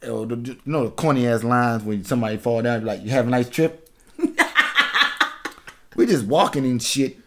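A man with a mid-range voice talks at a moderate pace, leaving long pauses. The thirty-something Washington, D.C. podcast host tells a story casually, swearing freely, laughing, and animatedly acting out its characters.

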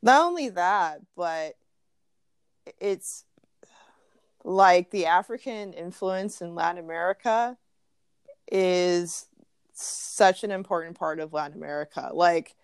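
A woman's voice: on the low side, unhurried, clean tone, no echo. A young woman from the Los Angeles area, co-hosting a podcast and telling stories in a casual chat with lots of fillers and restarts. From greater Los Angeles area. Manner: chatty storytelling, many fillers and restarts. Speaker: podcast co-host.

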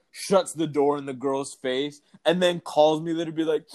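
A man's voice: a little high, fast talker, few pauses. A young man co-hosting a podcast, chatting candidly and profanely, laughing often. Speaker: podcast co-host. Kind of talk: casual chat.

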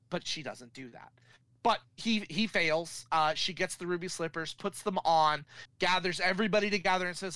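A man's voice: high voice, normal speed, smooth, no room sound, low-quality recording. A man casually recapping a film plot for a co-host, acting out the characters' lines as he goes. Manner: animated storyteller acting out characters. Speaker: podcast co-host.

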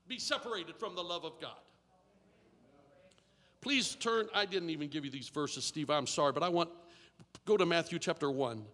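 A man preaching a sermon as pastor, telling a story and then building to shouted repetitions and call-and-response with the congregation. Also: on the high side, normal speed, pauses often. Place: church sanctuary. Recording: long reverb of a large hall.

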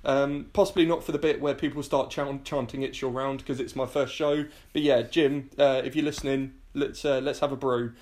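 A man's voice: mid-range voice, steady tone, normal speed, hardly any pauses, a little mellow. A man hosting a podcast, thanking guests and listeners in a casual, rambling way with many fillers. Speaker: podcast host. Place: home sofa, in person with guest.

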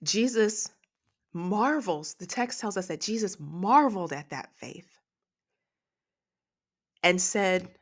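A woman's voice: mid-range voice, expressive, takes it slowly, pauses often. A woman preaching a devotional podcast sermon, emotional and tearful, praying aloud between her points.

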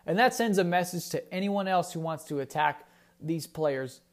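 A man's voice: on the high side, normal speed. A man giving a heated, indignant monologue of sports opinion, often repeating himself as he argues. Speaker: sports commentator.

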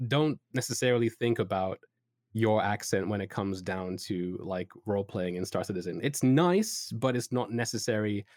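A man's voice: fairly low pitch, normal speed, darkish tone, no echo, studio quality. A man in casual chat who rambles with lots of "like" and "you know", enthusiastically giving advice as a podcast co-host.

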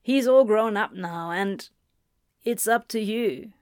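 Woman reading as a halting, earnest doctor. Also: medium pitch, darkish tone, no echo, studio quality, lightly acted. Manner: halting, apologetic. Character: earnest middle-aged male doctor, hesitant father.

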